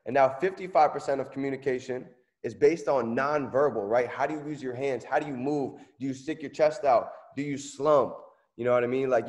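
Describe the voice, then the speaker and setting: A man's voice: mid-range voice, a little mellow. A man giving an emphatic motivational business training talk, checking in with his listeners as he goes. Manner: emphatic, asks "okay?" often, surges of energy. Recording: long reverb, echoey room.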